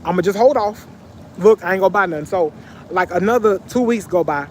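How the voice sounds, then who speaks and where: High-voiced man telling a slangy story. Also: brisk, slight background noise. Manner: animated slangy storytelling with repetitions. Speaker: vlogger. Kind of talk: casual storytime narration. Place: sitting on a bench.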